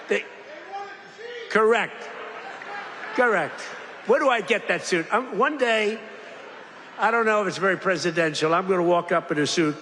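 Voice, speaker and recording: A man's voice: high-pitched, a bit bright, a little hiss or hum. Older man rambling at a rally. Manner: digressive, boastful, mocking asides. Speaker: politician giving a speech. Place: large industrial hall. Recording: echoey hall, faint crowd ambience.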